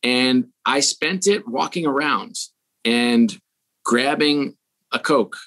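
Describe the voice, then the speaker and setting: A middle-aged man telling a story in a casual podcast interview, acting out the dialogue in it with lively voices. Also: medium pitch, slow pace. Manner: animated, acts out quoted dialogue. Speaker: sports executive, podcast guest.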